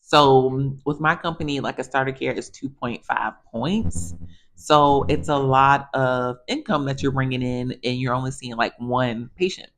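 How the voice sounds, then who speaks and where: A woman physical therapist telling stories in a chatty, animated way, addressing viewers casually. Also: a bass voice, unhurried. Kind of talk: casual storytelling monologue.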